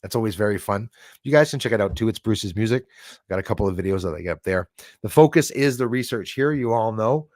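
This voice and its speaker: A man's voice: lowish voice, expressive, quick pace, a little mellow, dry recording. Brief: male livestream host, rambling and chatty, dry close mic. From Canada. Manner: rambling, chatty, thanks viewers by name. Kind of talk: casual livestream chat.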